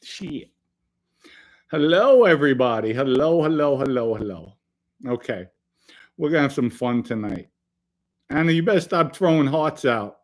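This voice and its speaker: A middle-aged man hosts a casual live stream in an even, mid-range voice, chatting loosely with his viewers. He jokes around and breaks out in sudden loud bursts now and then. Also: medium pitch, moderate pace, pauses often. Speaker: podcast host reading live chat.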